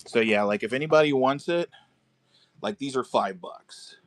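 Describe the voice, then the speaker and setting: A man hosting a casual live stream from a car shop garage, selling model kits and chatting with viewers, relaxed and chatty, swearing now and then. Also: medium pitch, normal speed. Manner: laid-back, chatty, swears casually, calls viewers dude and bro.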